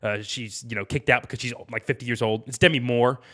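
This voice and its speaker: Brisk man with a bright voice. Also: medium pitch, fairly even intonation. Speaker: podcast co-host. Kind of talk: casual chat.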